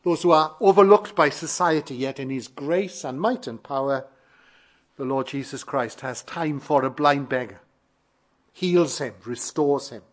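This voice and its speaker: A man preaching a sermon, emphatic and fervent, building repeated phrases in a measured cadence. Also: mid-range voice. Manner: fervent, emphatic, swells louder on key phrases.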